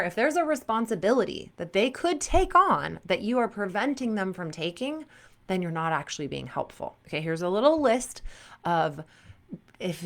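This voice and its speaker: Speaking at a medium pitch, a woman in her thirties who works as a performance coach addresses sport parents frankly, telling stories from her own life and acting out quotes with lively asides.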